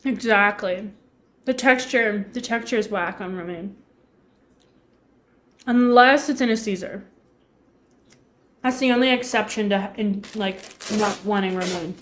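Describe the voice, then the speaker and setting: A woman's voice: medium pitch, a little slow, long pauses. A young woman chatting casually with her live-stream chat while cooking in her home kitchen, giggling often.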